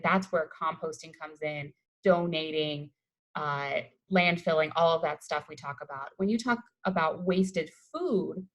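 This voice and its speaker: Lower-pitched woman from Colorado, educator presenting a webinar over a video call, enthusiastic and chatty. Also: rough recording. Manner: upbeat, conversational, enthusiastic about the topic. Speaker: waste-reduction educator.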